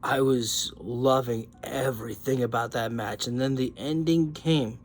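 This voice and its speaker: A young man telling a long, excitable story in a casual monologue, swearing and rambling as he goes. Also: medium pitch, a little slow, slight background noise. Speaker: wrestling podcaster.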